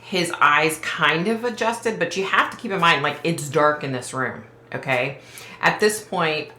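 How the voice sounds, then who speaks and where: A woman's voice: low voice, pushed and bright, reverberant. A woman vlogger telling viewers about a psychic dream, hesitant and emotional, with frequent sighs and ums. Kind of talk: casual retelling to viewers.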